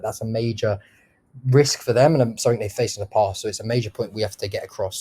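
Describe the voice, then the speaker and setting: A man with a lowish, warm, mellow voice teaching sales in a casual way. He talks bluntly, swears freely and shows each point by switching his tone. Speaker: sales trainer. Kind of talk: casual instructional talk.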